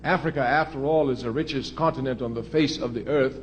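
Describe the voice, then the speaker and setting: A man giving a political speech in a measured way, drawing out key words for emphasis. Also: mid-range voice, a little hiss or hum.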